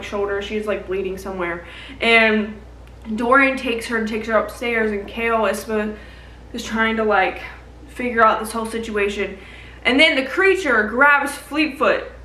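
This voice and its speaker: A young woman rambles through a book recap on her vlog, full of "like" and plenty of swearing. Her voice is bright and sits a little high, and it comes from a step back from the mic in an echoey room. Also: far from the mic. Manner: rambling, swears a lot, lots of "like". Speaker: book vlogger.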